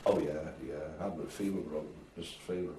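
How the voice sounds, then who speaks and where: A man's voice: rumbling low, fast talker. An older man from Merseyside, a retired drummer, telling stories in a casual interview and acting out the voices of people he quotes, with frequent swearing. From Merseyside, England. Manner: lively storyteller who acts out quoted voices and swears freely. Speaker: retired drummer and band agent. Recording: echoey room from far off with faint hiss.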